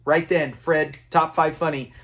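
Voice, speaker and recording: A man's voice: a little high, steady tone, a little slow, a bit bright. A man casually recapping a classic sitcom episode, retelling scenes, acting out quotes and chuckling along. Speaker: TV episode reviewer.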